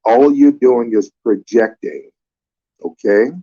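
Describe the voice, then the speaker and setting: Man, low dark voice, slow and deliberate, curtly dismissive host, lo-fi sound. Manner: slow, curt, dismissive, repeating "sir". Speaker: live stream host. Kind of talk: confrontational live debate.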